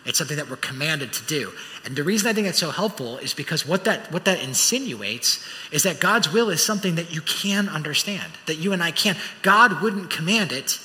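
A man preaching a sermon as pastor, telling stories with animated, acted-out voices. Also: on the high side, brisk. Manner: animated storytelling, acts out voices. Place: church auditorium. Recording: church hall reverb.

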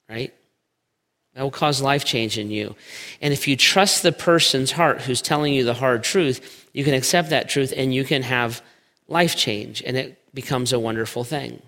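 Male pastor preaching, bright, forceful tone, long church reverb. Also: mid-range voice. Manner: emphatic, slows for weight on key words. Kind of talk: sermon. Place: church sanctuary.

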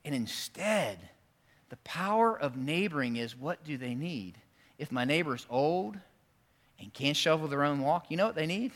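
A man preaching a sermon in a church, swinging between loud, emphatic peaks and quiet, intense stretches. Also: a little high, animated, normal speed. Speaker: pastor.

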